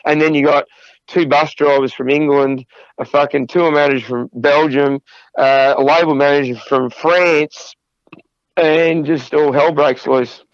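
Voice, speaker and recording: A man's voice: on the high side, steady tone, a little slow, no room sound, lo-fi sound. A middle-aged man, a podcast guest telling profane road anecdotes between bursts of laughter. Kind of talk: casual storytelling interview.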